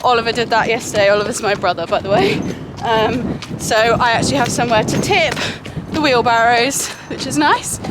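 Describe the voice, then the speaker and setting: A woman's voice: a little high, brisk, background noise. A young woman filming her day at a horse yard, chatting to the camera and fondly talking to her horses. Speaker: horse rider running a yard. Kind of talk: casual vlog narration. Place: outdoor stable yard. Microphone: camera mic, no clip-on.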